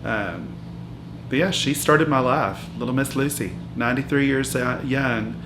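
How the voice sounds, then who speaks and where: A man's voice: medium pitch, unhurried, background noise, natural voice. A man playing a brash 66-year-old woman who lives in a hotel, telling her life story in a meandering mockumentary interview full of fillers and restarts. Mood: rambling. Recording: echoey room with loud music underneath.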